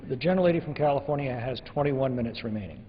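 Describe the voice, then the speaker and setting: A man presiding in a legislative chamber, making brisk, formal procedural announcements. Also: medium pitch, expressive, a little hiss or hum. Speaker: presiding officer. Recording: dull broadcast audio in a long-reverb chamber.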